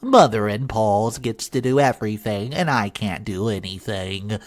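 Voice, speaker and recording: A man's voice: lowish voice, lively intonation, normal speed, soft background music, lightly acted. A man voicing a resentful, meddling middle-aged mother-in-law who talks in a whiny, indignant way.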